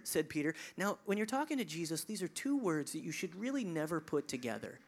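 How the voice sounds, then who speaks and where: Animated preaching man. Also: high voice, fairly quick, hardly any pauses. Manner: animated, rising to emphatic peaks, dropping to near-whispers; conversational asides, chuckling. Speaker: pastor. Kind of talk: sermon.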